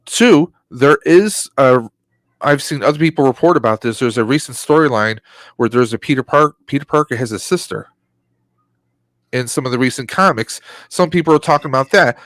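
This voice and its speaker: A man's voice: medium pitch, lively intonation, normal speed, fairly bright tone, no room sound. A man co-hosting a casual podcast chat, delivering rambling, opinionated rants. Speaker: podcast co-host.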